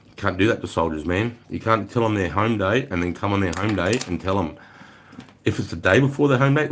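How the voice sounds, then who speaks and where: A middle-aged man with an Australian accent and a very low voice tells army stories on a casual livestream. He talks bluntly and swears constantly, rambling from one story to the next. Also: lively intonation, a little fast, slight background noise. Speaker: livestream host, army veteran.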